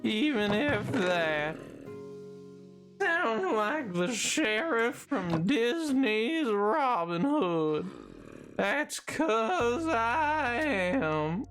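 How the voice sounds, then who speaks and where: A woman's voice: a little high, full character voice. A woman putting on the voice of a sad, broke male cowboy, drawling and mournful, close to the mic. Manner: slow, drawn-out, mournful talk. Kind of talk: live-stream character voice. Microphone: closer to the mic than usual.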